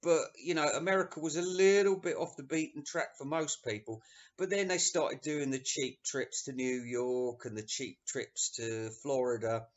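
A man's voice: mid-range voice, moderate pace. A man giving a sweary, sarcastic rant while reviewing an album. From England. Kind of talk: ranting casual review. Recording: dull lo-fi recording.

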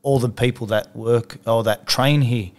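A man, talking as a gym owner on his podcast. His voice is mid-pitched and unforced, and he thinks aloud in an earnest, reflective way that breaks easily into laughter. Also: steady tone, normal speed. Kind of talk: casual chat.

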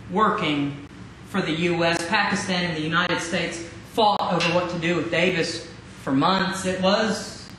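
A man preaching a sermon as pastor, dramatic, with rhetorical questions and drawn-out emphasis. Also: high-pitched, pushed and bright. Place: church sanctuary. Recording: very echoey hall, faint noise.

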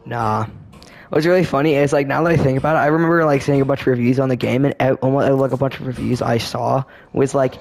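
A man's voice: mid-range voice, steady tone, fast talker, vocal fry, darkish tone. A man hosting a casual let's play commentary, rambling and laid-back with lots of filler words. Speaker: gaming channel host.

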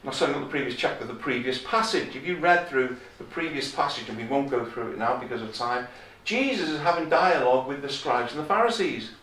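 A visiting preacher with a mid-range, fairly bright voice delivers an emphatic sermon, talking fairly quickly with lively intonation and hardly any pauses. He repeats key phrases and raises his voice when quoting scripture. He's recorded from far off in an echoey chapel with slight background noise.

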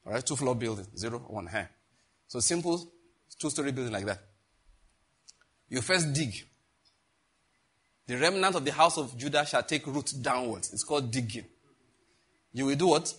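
A man's voice: medium pitch, expressive, moderate pace, long pauses, fairly bright tone, husky. A middle-aged man, teaching a sermon in a conversational, joking way and asking the congregation questions. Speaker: pastor.

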